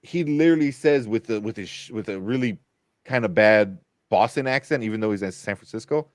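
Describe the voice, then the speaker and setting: A man's voice: fairly low pitch, brisk, no echo. A man hosting a casual film podcast, rambling with many fillers and frequent laughs. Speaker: podcast host. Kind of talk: casual chat.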